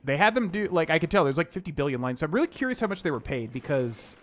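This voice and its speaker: A man's voice: a little high, very animated, fast. A man casually chatting and rambling while he streams a video game, with plenty of "like" and "um".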